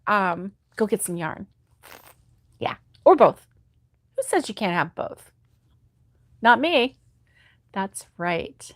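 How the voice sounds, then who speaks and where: A middle-aged woman chats unhurriedly with her live viewers about crochet, reacting to their comments with sympathy and frequent laughter. Her voice sits a little high. The sound is dry and close, with no room echo. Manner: chatty, sympathetic, laughs often. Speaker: crochet livestream host. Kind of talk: casual live chat reading viewer comments.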